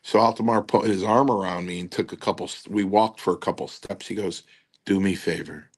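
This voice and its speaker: Guy with a lowish voice spinning a story, acts out the quotes, casual. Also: fairly even intonation, fairly quick. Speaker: guest, former wrestler.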